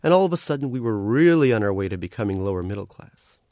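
A man reading aloud from his own novel, wry and deadpan, close to the mic. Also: lowish voice, quick pace, dry recording. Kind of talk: literary reading.

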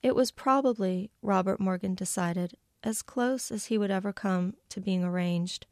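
A woman author reading a passage from her novel aloud, measured, lightly voicing the characters' lines. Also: medium pitch, a little mellow, no echo, studio quality. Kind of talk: literary reading.

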